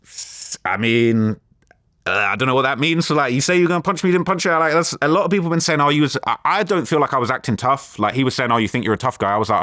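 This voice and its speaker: A young man, telling a story as an interview guest, lively and full of quoted dialogue and fillers. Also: medium pitch, very fast, dry recording, studio quality.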